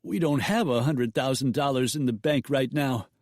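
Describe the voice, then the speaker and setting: A man's voice: medium pitch, normal speed, a little mellow, dry recording, studio quality, voice pushed up, close to an everyday voice. A man voicing a cowed, frightened banker who pleads nervously.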